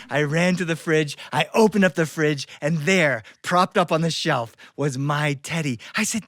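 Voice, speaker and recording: Lively male storyteller, dry and close. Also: on the high side, moderate pace, few pauses, dry recording. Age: adult. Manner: lively, playful, asks audience questions. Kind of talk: performed personal story.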